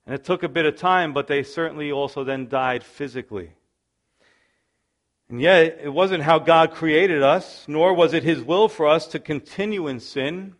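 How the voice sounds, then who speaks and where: A male pastor with a slightly high voice delivers a sermon in an earnest, conversational way. He builds emphasis as he goes and leans into his points. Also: normal speed.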